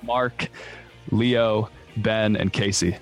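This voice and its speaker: Low-voiced man from Texas, guest. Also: fairly even intonation, drawn-out words, soft background music. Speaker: podcast guest. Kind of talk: casual interview chat.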